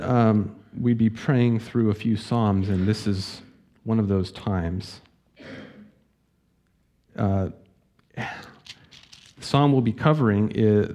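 A man preaching a sermon as pastor, speaking earnestly and gently, reading scripture slowly to his congregation. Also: fairly low pitch.

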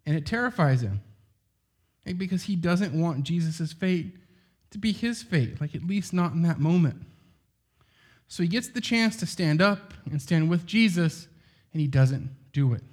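A man's voice: fairly high pitch, lively intonation, a little slow. Chatty man preaching a sermon. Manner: conversational, heavy use of "like" and rhetorical questions.

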